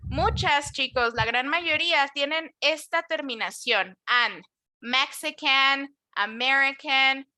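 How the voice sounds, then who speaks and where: In an online lesson about nationalities, a bilingual English teacher with a bright, high voice moves back and forth between Spanish and English explanations. Her model words come out slow and drawn-out for students to echo.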